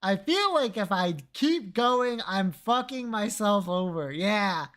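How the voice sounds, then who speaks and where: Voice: medium pitch, animated, slow, fairly bright tone. A streamer chatting casually to viewers while gaming, joking around and swearing freely. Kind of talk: casual game stream chat.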